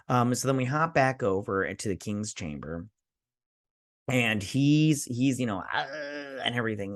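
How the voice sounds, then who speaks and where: A man's voice: mid-range voice, animated, moderate pace, dry recording, clean studio sound. A man hosting a review show, casually recapping an episode and acting out characters' lines with lots of fillers. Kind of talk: casual recap with quoted voices.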